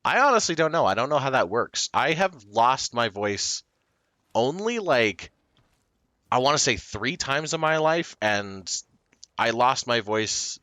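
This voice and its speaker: A man's voice: medium pitch, very animated, unhurried, bright, forceful tone, no room sound. A man chatting casually to his stream viewers, rambling and self-deprecating, with plenty of fillers, restarts and short laughs.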